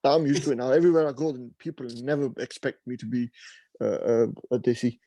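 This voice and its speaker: A young man with a Bradford accent chats on a podcast in a relaxed, storytelling way. His voice is mellow and dark, recorded dry and close. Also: medium pitch, quick pace, no echo. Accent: Bradford English. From England. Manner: laid-back, tells stories, mimics people. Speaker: podcast co-host. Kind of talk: casual chat.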